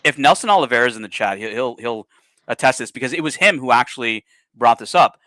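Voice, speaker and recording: A man hosts a casual livestream chat and rambles along with plenty of fillers. His voice is bright and forceful and moves a lot in pitch. The sound is dry and close. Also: expressive, fast, no echo. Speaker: livestream host.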